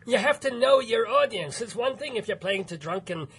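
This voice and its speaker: A male radio host in casual interview chat, reacting quickly with laughs and apologetic asides. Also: high voice, animated, a bit bright, a little hiss or hum.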